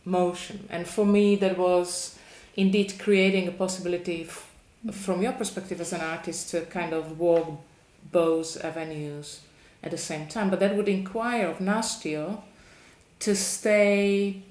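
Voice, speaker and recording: A woman interviewing an artist, asking long, thoughtful questions with small pauses and restarts. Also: on the low side, steady tone, a little mellow, reverberant. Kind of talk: conversational interview.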